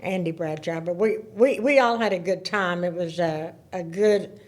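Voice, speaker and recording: A woman in her seventies, a podcast guest, telling stories in a casual, animated way, laughing and repeating words as she talks. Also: lowish voice, normal speed. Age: 70s. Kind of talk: casual storytelling.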